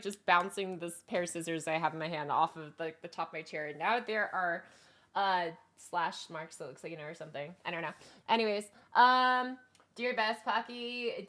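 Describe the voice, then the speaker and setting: A bright, clear-toned woman chatting on a live stream, giggly and self-conscious. She rambles with lots of fillers and restarts, her voice sounding a little strained. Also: medium pitch. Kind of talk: casual live-stream chat.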